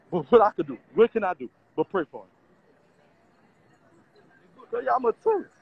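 A man's voice: sits high, wildly swooping pitch, moderate pace, creaky, slightly rough, narrow, tinny audio. A man, vlogging on city streets in a brash, profane, laughing rant. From Louisiana. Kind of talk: casual street vlog rant.

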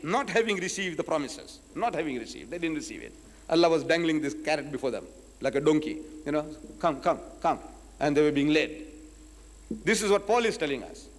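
A man from South Africa giving a public lecture as a Muslim preacher, telling stories with acted-out dialogue and slowing down to quote scripture. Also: on the high side, in a large hall. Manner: animated storytelling, acts out dialogues, slows to quote scripture.

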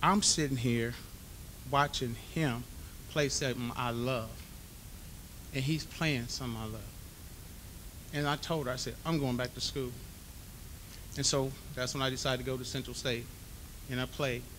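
A man from giving a hall of fame acceptance speech, an animated storyteller who acts out the dialogue. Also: medium pitch, moderate pace, pauses often, slight background noise. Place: banquet hall.

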